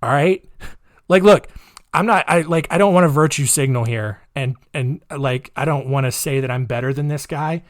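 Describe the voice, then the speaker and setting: A man's voice: on the high side, no echo, clean studio sound. A man hosting a podcast, telling a history story casually, with sarcastic rambling asides. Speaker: podcast host.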